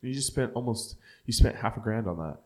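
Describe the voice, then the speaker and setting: A man's voice: on the low side, brisk. A young man co-hosting a podcast, telling stories with acted-out quotes and plenty of swearing. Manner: animated storyteller, acts out quotes, swears freely. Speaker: podcast co-host. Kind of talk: casual banter.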